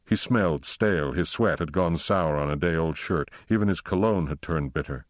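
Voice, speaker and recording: A man narrating an audiobook in a steady, unhurried storytelling manner on a close microphone. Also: low voice, no echo.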